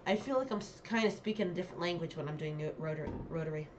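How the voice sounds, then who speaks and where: A woman's voice: low voice, fast talker, noisy background. A woman vlogger giving casual commentary on a dialect quiz, chatty and hesitant, with many ums and self-corrections.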